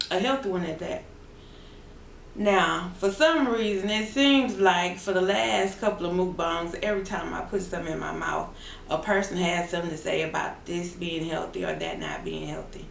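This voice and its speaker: A woman's voice: medium pitch, echoey room, slight background noise. A woman vlogger chatting casually to her viewers in a playful, sing-song way, laughing often. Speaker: mukbang vlogger. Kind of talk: casual chat to camera. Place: at home.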